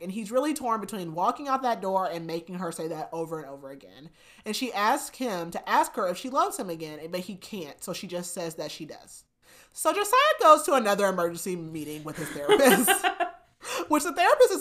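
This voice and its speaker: A woman hosting a podcast, casually retelling a novel's plot with animated quoted dialogue and frequent laughs. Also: lowish voice. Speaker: podcast host. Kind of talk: casual book recap chat.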